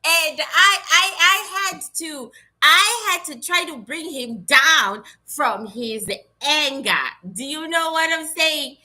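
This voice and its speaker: A woman medium talks through her readings in a casual, blunt, animated way. Her voice sits very high and sounds piercingly bright. She speaks slowly and takes her time. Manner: animated storyteller with blunt, salty talk. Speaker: psychic medium giving readings. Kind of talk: casual livestream chat.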